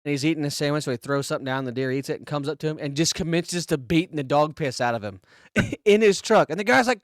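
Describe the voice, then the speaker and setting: A man co-hosting a podcast, telling crude, animated stories and acting out quotes. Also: on the high side, fast, no echo, clean studio sound. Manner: swears a lot, tells animated stories with acted-out quotes. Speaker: podcast co-host. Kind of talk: crude casual chat.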